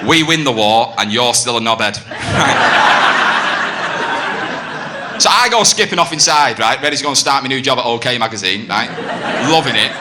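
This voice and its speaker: A man's voice: medium pitch, expressive, moderate pace, pauses often. A man doing a brash stand-up comedy set, telling a story and acting out the voices, with audience laughter behind him. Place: comedy club stage. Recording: noisy live club recording. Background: audience laughter and room ambience.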